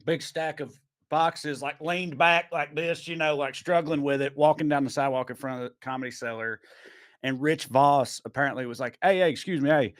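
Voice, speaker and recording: A man, hosting a podcast and telling rambling stories full of fillers, often going quiet partway through. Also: fairly high pitch, steady tone, normal speed, no room sound, clean studio sound. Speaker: podcast host. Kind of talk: casual chat, storytelling.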